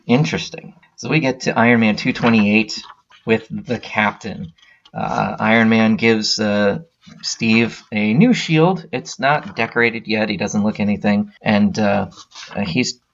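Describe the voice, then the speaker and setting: Low-voiced man casually retelling a story. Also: highs cut off. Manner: rambling retelling full of "uh" fillers. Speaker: podcast host.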